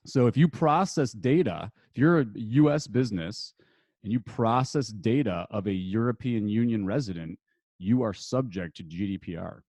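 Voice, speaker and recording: Relaxed low-voiced man explaining law casually. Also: moderate pace, no room sound, studio quality. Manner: loose and conversational, many fillers and restarts. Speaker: podcast guest, attorney and marketer. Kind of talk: casual podcast conversation.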